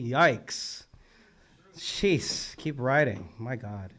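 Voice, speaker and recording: Young male open mic host, mid-pitched voice, casual and hype, cusses, reads lines back at a live event. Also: normal speed. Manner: enthusiastic, casual, swears freely.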